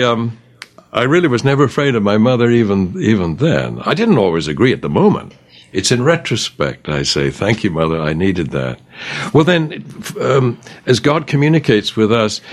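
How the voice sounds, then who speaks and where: Older deep-voiced man teaching gently. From England. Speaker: author and teacher. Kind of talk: conversational Bible discussion.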